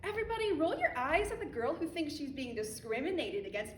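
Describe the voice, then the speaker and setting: A woman's voice: high-pitched, very animated, fairly quick, hardly any pauses, background noise. A teenage girl performing a spoken word poem on a school theatre stage in a defiant, impassioned manner. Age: teens. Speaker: student poet. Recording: echoey hall from a distance.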